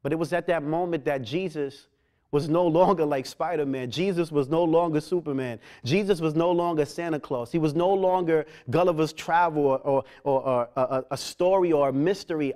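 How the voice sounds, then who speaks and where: A man's voice: on the high side, a little mellow. Earnest man with stammering restarts. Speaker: testimony speaker. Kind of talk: personal testimony.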